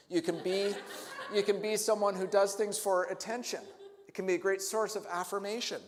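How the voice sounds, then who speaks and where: In a large church sanctuary, a male pastor with a slightly high voice preaches, putting reflective questions to the congregation and building to emphatic peaks.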